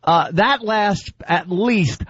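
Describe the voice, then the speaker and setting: A man hosting casual radio chat, lively and acting out scenes as he talks. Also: high-pitched, takes it slowly, husky, no echo. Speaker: radio host. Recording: dull dry radio studio sound.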